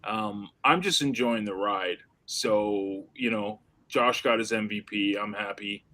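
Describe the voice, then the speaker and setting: A man's voice: fairly low pitch, unhurried, pushed and bright, low-quality recording. Laid-back man chatting sports. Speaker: co-host. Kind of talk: casual sports chat.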